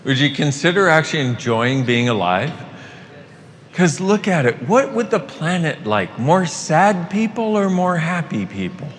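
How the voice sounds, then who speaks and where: A man giving a live motivational talk to an audience, animated and playful, swearing casually. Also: a little high, unhurried. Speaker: workshop facilitator. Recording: long hall reverb, faint noise.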